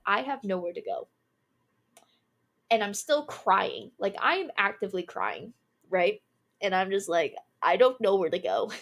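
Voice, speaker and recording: A woman in her twenties, a streamer telling a personal story in a casual, candid way, laughing now and then. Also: mid-range voice. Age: 20s.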